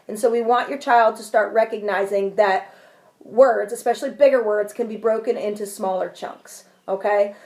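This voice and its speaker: A woman explaining a lesson clearly and patiently, giving spoken examples. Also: fairly high pitch, darkish tone. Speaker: teacher. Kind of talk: instructional video lesson.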